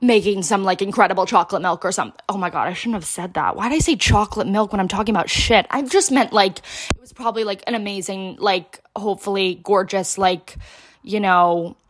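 A woman's voice: mid-range voice, brisk, dry recording, studio quality. A young woman from Connecticut telling a funny story in a casual, dramatic way, full of filler words and swearing. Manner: animated, dramatic, heavy use of filler words; swears freely.

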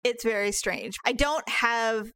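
A woman with a naturally high voice co-hosting a casual podcast chat, chatty, laughing easily and swearing now and then. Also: takes it slowly, bright, forceful tone, clear, resonant tone, dry recording, clean studio sound. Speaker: podcast co-host.

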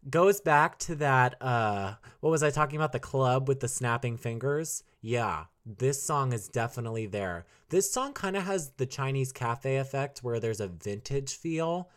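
A young man talks through an album review on his own podcast, loose and rambling. He laughs easily and breaks into short sung snippets of lyrics. His voice sits at an ordinary middle pitch for a man. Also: lively intonation, normal speed, few pauses, a bit bright. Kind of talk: casual solo podcast review.

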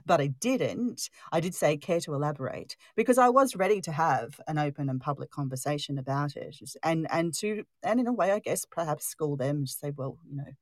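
A middle-aged woman with a lowish voice talks in a frank, plain-spoken way and swears casually. The sound is dry and close, with no room behind her. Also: lively intonation, moderate pace, hardly any pauses, dry recording. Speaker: audio content creator. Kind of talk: casual chat.

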